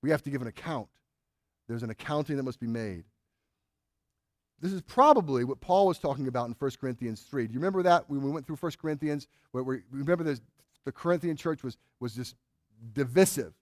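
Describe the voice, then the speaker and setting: A man's voice: mid-range voice, lively intonation, a little fast, no room sound, clean studio sound. A man preaching a sermon as pastor, earnest and emphatic, stressing key words and putting questions to his congregation. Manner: asks the congregation rhetorical questions.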